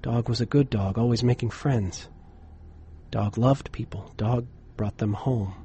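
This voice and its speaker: A man narrating a horror story in a measured, dramatic way, dropping to a hush for suspense. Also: medium pitch, slight background noise.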